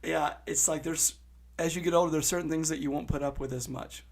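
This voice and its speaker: A man's voice: on the high side, fairly even intonation, brisk, gravelly. A man joining a podcast as a guest in casual conversation, agreeable and reflective. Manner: agreeable, short affirmations.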